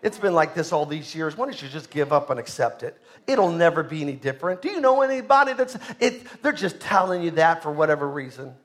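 A male pastor preaches emphatically in a fairly high, expressive voice, talking a little fast with few pauses. He swings between loud bursts and soft asides and asks the congregation questions.

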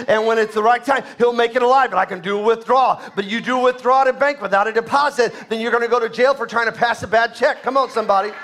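A man's voice: very high-pitched, quick pace, hardly any pauses, a bit bright. A man preaching a sermon as pastor, emphatic, repeating key phrases and calling on the congregation to respond.

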